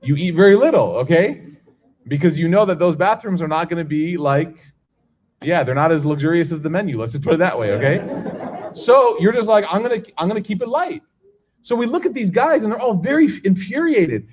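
A man's voice: on the high side, sing-song, brisk, darkish tone. A man giving a conversational religious lesson to a live audience, often checking in with the listeners and acting out the people in his stories. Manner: conversational, keeps checking in with "okay?" and "right?"; acts out quoted people in a raised voice. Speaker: religious teacher. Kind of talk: casual lecture to a live audience.

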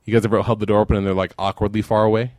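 A man's voice: lowish voice, flat delivery, racing, darkish tone, dry recording, clean studio sound. A man giving a sermon, telling a story and then closing in fervent prayer. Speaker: preacher.

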